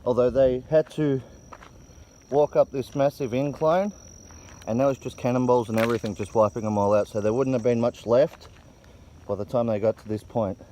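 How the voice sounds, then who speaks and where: A man's voice: medium pitch, moderate pace, a little hiss or hum. A man filming an outdoor walking tour on a hillside and narrating it in a casual, vivid way on a handheld camera mic. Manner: excited, vivid retelling.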